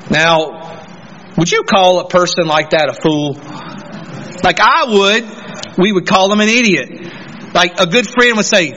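A man's voice: sits high, lively intonation, unhurried, pauses often, sharp tone, dull audio, a little hiss or hum. A man preaching a sermon as pastor, telling stories and acting out indignant voices.

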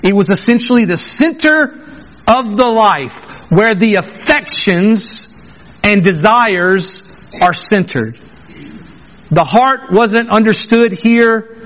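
High-voiced man preaching emphatically. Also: slow, a bit bright. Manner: emphatic, repeats phrases for stress. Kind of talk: sermon. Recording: dull lo-fi recording.

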